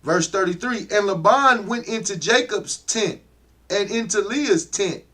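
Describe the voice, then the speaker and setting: A man's voice: sits high, pushed and bright. A man in a class reading old-style English scripture aloud with care. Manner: careful, unhurried reading. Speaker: student reader.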